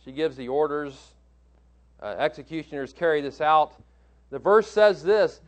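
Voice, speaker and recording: A man's voice: a little high, animated, moderate pace. A man preaching a sermon as pastor, emphatic, repeating key phrases and posing questions to his listeners, often correcting himself mid-sentence. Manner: frequent restarts and self-corrections.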